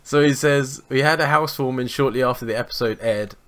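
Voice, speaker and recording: A young man, co-hosting a podcast and telling sweary, animated anecdotes in casual chat. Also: mid-range voice, fast talker. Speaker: podcast co-host.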